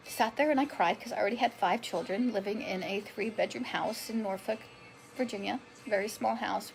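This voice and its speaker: A woman's voice: medium pitch, creaky, low-quality recording. A woman in her forties telling her personal story on a live stream, chatty and emotional, greeting viewers by name as she goes. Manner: emotional, self-described drama queen. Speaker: vlogger sharing her health story.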